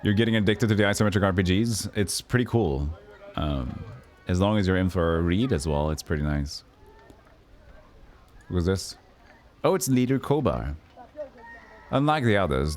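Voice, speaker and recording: Lively low-voiced man reading a game aloud. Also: slight background noise. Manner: reads text aloud, voicing characters with a raised pitch, stumbles and restarts. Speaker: streamer.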